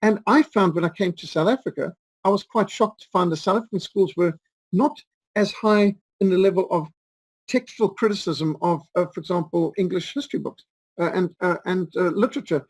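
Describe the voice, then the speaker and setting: Gravelly high-voiced man. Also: brisk, dry recording, low-quality recording. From Rhodesia. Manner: rambling, anecdotal, with frequent fillers and restarts. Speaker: interview guest. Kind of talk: storytelling in an interview.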